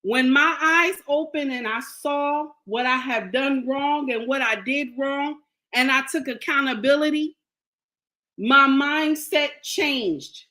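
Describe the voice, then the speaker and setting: High, bright-voiced woman preaching advice. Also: slow. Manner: emphatic, preachy, repeats lines for emphasis; blunt and scolding, slangy. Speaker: relationship advice vlogger. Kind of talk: direct-to-camera advice monologue.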